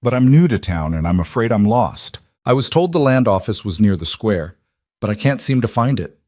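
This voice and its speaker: A man voicing a polite, soft-spoken young cowboy who talks in a courteous, measured way. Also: on the low side, big pitch swings, no room sound, clean studio sound. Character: polite, steady young cowboy, new in town.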